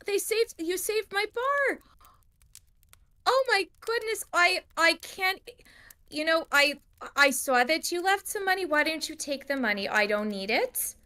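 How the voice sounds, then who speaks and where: A woman's voice: very high-pitched, animated, measured pace, pushed and bright, pitched above the performer's own voice, exaggerated voice. A woman voicing a kindly female innkeeper who stammers and gushes with gratitude, in her own home accent. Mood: grateful. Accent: the DM's own home accent. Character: kindly fussing female innkeeper, grateful and generous.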